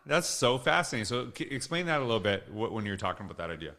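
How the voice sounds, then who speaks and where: A man's voice: lowish voice, big pitch swings, very fast, a bit bright. Enthusiastic man hosting a conversation. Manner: enthusiastic, effusive, rambling questions. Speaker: host. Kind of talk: casual conversation.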